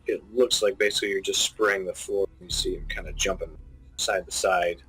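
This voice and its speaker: A man narrating as game master of a tabletop game, describing scenes haltingly with many restarts, while he has the hiccups. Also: low-pitched, steady tone, a bit bright, breathy edge, faint music behind, low-quality recording.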